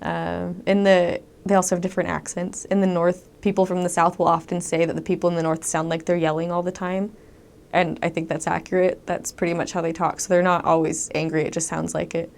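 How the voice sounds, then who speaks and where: Conversational low-voiced young woman. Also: a little fast, gravelly. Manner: conversational, with frequent ums and animated quoted voices. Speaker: returned missionary. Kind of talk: casual storytelling monologue.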